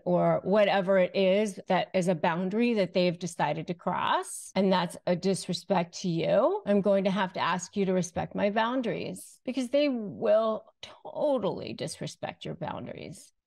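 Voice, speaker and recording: A woman coaching viewers in a direct-to-camera advice lesson, speaking calmly and deliberately and slowing down to stress key phrases. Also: lowish voice, gravelly. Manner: calm, deliberate, often slows to stress phrases. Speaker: host, negotiation and relationship coach.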